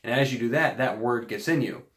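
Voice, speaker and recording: A man's voice: mid-range voice, a little fast, echoey room. A man giving an earnest, casual teaching talk on faith, rambling a bit with fillers and restarts. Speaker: Christian video host.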